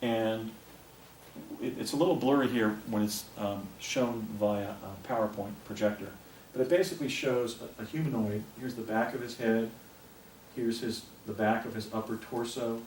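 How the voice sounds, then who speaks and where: Older man, halting, in an echoey room. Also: fairly low pitch, darkish tone. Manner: rambling, halting delivery with frequent restarts. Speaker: speaker presenting images to an audience. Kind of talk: recounting a personal story in a talk. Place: presentation room with a projector. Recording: echoey room, distant mic, faint hiss.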